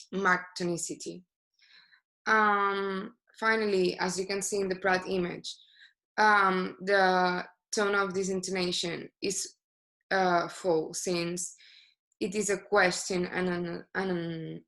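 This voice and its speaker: A woman's voice: lowish voice, a bit bright. A woman giving a class presentation as a student, speaking hesitantly with many filler sounds.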